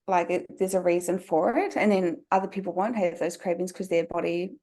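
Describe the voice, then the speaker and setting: A woman's voice: on the low side, a little fast, warm tone. Chatty New Zealand woman. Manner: chatty, many "like" fillers. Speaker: guest. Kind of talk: casual podcast conversation.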